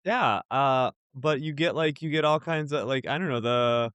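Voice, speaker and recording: A man's voice: mid-range voice, normal speed, a bit bright, clear, resonant tone, dry recording. A man co-hosting a casual film podcast, rambling through his thoughts with lots of "like" and "I mean". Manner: rambling, many fillers like "like" and "I mean". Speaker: podcast co-host.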